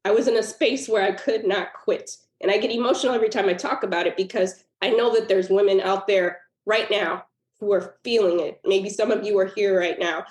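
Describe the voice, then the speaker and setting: A woman's voice: mid-range voice, fairly even intonation, brisk, a little mellow. A woman guest author telling a personal story in a podcast interview, earnest and emotional. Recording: roomy echo.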